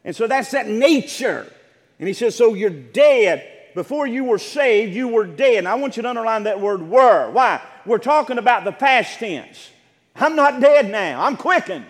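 Emphatic high-voiced male preacher. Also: animated, long reverb tail. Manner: emphatic preaching with rising shouts and drawn-out words; calls out questions to the congregation. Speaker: pastor. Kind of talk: sermon.

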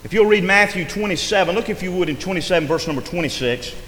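A man's voice: sits high, lively intonation, fast talker, fairly bright tone. A man preaching a sermon in a rising and falling preaching cadence, often stressing his words. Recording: echoey hall with long reverb, faint noise.

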